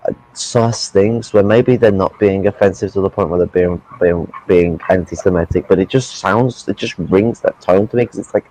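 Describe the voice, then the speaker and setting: A man's voice: sits low, moderate pace, mellow, a little hiss or hum, rough recording. A man in casual political chat, blunt and profane, ranting at length.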